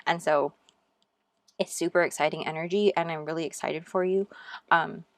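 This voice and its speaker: A woman with a low voice reads tarot cards for her viewers in a casual, gushing way. She keeps encouraging them and talks to them as "you guys.". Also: fairly even intonation, normal speed, dry recording. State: out of breath. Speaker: tarot reader. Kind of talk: casual tarot reading to camera.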